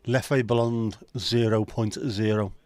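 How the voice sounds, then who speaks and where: A man's voice: on the low side, fairly even intonation, slow, a little mellow, no echo. A man who hosts a casual live stream, chatting and joking and greeting viewers by name. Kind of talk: casual watch-along chat.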